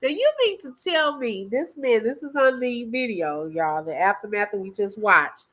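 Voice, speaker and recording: Woman, reaction host, bright voice, higher pitch, skeptical, animated, casual commentary. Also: normal speed. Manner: skeptical, animated, addresses viewers as y'all.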